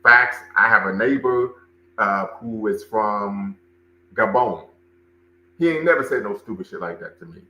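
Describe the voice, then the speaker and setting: A man's voice: fairly low pitch, unhurried, sharp tone, roomy sound, low-quality recording. A man hosting a livestream, commenting and talking with his chat, emphatic and repeating phrases for stress. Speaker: livestream show host and cultural center director.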